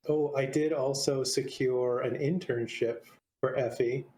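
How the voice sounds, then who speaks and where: Man player, mellow voice, roomy echo. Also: mid-range voice, fairly even intonation, a little slow. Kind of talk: casual game chat. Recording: echoey room.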